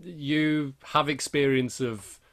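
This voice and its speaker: A man's voice: a little high, fairly even intonation, slow, fairly bright tone. A male host asking questions in a casual interview, padding his speech with "you know". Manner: conversational, fills with "you know".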